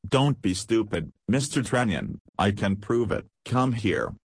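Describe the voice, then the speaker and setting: A haughty, drawling society lady with a spiteful streak, as a man reads her in an audiobook. The voice is husky, and the recording is dry and close. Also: on the low side, big pitch swings, measured pace, no room sound, full character voice.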